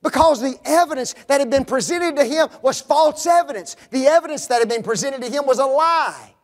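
A male preacher with an unusually high voice delivers a sermon, asking the congregation rhetorical questions. He swings between raised emphasis and hushed, low asides. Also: animated, brisk. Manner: rhetorical questions, dramatic drops to quiet.

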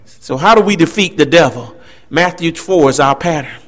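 A male preacher delivers an emphatic sermon in a high-pitched, ringing voice, swinging his delivery up and down and tossing asides to the congregation. He speaks at normal speed with lively intonation and a slightly bright tone.

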